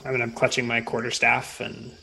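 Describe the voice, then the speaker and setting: Guy playing a tabletop game, mid pitch, keeps saying like and i mean, kinda unsure. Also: completely flat delivery, brisk, vocal fry, sharp tone, breathy edge. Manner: hesitant, many fillers and restarts. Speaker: player. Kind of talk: casual tabletop game play.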